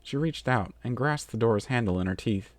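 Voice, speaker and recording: A man reading a fan fiction story aloud as narrator, with lively storytelling. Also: medium pitch, moderate pace, no room sound.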